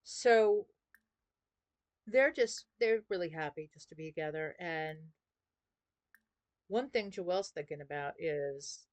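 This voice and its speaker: Woman gaming host, casual chatty commentary, lower voice, dry close sound. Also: slow pace, long pauses, dry recording, poor audio. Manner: chatty retelling, loose run-on sentences. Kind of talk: life simulation gameplay commentary.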